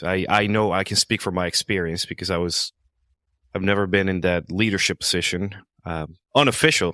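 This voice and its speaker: Bright-voiced, joking podcast host. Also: male voice, low voice, dry recording, studio quality. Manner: candid and joking, with crude humor. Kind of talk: casual podcast conversation.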